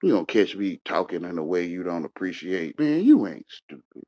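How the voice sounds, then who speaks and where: A man rants and scolds, repeating himself as he swings between loud outbursts and low mutters. His pitch jumps around a lot. The audio is dull and lo-fi. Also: big pitch swings, normal speed, noisy background. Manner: repetitive, confrontational, swings from shouting to muttering. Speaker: panel speaker. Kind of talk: heated casual rant. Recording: dull lo-fi sound.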